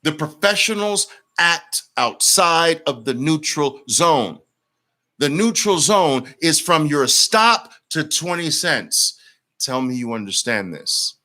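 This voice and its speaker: Forceful, blunt male trading coach. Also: mid-range voice. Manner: blunt, emphatic, repeats words for force; reads and answers viewer comments. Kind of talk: live-streamed trading lesson.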